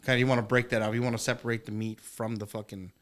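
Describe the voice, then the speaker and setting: A man swapping stories on a casual podcast, his voice sitting at an ordinary middle pitch. He talks with constant cursing and jumps into animated, acted-out exclamations when he tells a story. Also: very fast. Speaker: podcast participant.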